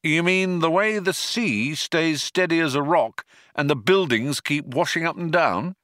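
A man voicing a brisk, knowing man who explains things in an emphatic, hurried way. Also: on the high side, fairly bright tone, no room sound, studio quality, pitched above the performer's own voice. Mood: wry.

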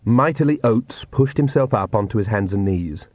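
A man's voice: lowish voice, expressive, moderate pace, a little mellow, no echo, poor audio. Dry-voiced male audiobook narrator. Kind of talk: scripted narration.

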